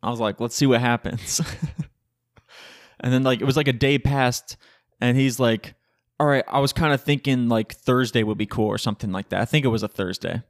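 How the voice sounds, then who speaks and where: A young man talks straight to the mic in a relaxed solo podcast, rambling through a personal story. He laughs often, swears casually and acts out what his friends said. The sound is dry and close, with no room echo. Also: medium pitch, a little fast. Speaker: podcast host.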